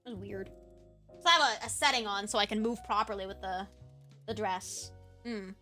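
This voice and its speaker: A woman streamer chatting casually with viewers, projecting from her diaphragm with lively inflection despite a sore throat. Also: mid-range voice, normal speed, faint music behind.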